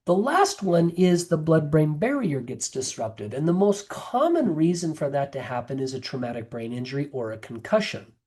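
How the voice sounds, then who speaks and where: Earnest man lecturing, warm mellow tone. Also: a little high. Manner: earnest, explains step by step with case stories. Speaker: nurse practitioner giving a health masterclass. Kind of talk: presented lecture with patient stories.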